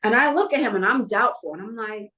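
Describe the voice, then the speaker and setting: A woman's voice: on the high side, expressive, quick pace, pushed and bright, low-quality recording. A middle-aged woman from New York telling a personal story in a podcast interview, acting out what other people said. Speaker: guest.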